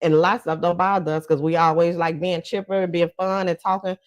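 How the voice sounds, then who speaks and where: Blunt, chatty woman with a low voice. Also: level tone, quick pace, no echo, dull audio. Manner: blunt, profane and chatty, often laughing. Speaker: commentary vlogger. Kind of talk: casual commentary.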